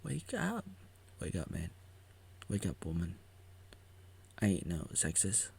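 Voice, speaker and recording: A man's voice: sits low, fairly even intonation, a little slow, gravelly, darkish tone, husky. A man giving a goofy, rambling live reaction to a video about himself, jumping into silly voices and whispers. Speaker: vlogger reacting to his own documentary. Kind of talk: casual live reaction commentary.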